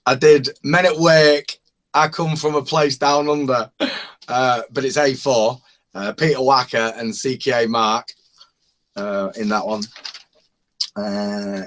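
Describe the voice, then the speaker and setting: A man's voice: mid-range voice, steady tone, slow, long pauses, a bit bright. A man chatting casually in an online hangout, rambling and chuckling as he lists parody songs he has made. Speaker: open-mic hangout participant. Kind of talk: casual chat.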